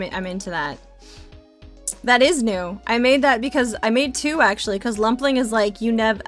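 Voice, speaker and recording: A young woman from Louisiana hosts a casual live stream, her voice sitting a little high. She rambles and giggles, often restarting her sentences. Soft music plays faintly under her talk. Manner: chatty, giggly, lots of fillers and restarts. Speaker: streamer chatting with chat.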